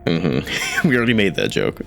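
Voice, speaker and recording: A male tabletop player with an extremely deep voice and a gravelly rasp, trading dry, wry remarks. His pitch swings widely, with faint music in the background. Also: wildly swooping pitch, normal speed, fairly bright tone. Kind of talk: tabletop role-play banter.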